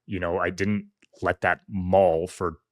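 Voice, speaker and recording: A man, a firefighter guest on a talk show, telling personal stories in an earnest, reflective way that softens and trails off at times. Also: deep voice, flat delivery, slow pace, no room sound, clean studio sound. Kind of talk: candid conversational storytelling.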